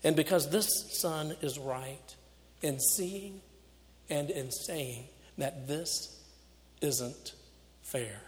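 A man preaching a storytelling sermon, swinging from loud to hushed and laughing off his own slips. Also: on the high side, extremely slow, pauses often. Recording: echoey hall.

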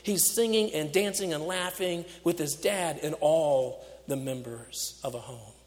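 A man preaching a storytelling sermon, swinging from loud to hushed and laughing off his own slips. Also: on the high side, measured pace. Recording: echoey hall.

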